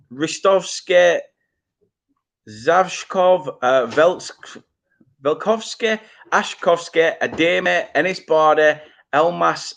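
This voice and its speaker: A man's voice: on the high side, creaky, a bit bright. A young man with a Burnley accent hosting a live football watchalong, chatting casually and poking fun at his own slip-ups. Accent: Burnley, Lancashire. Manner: casual, self-mocking, stumbles over names. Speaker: fan channel host. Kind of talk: live watchalong chat, reading chat comments.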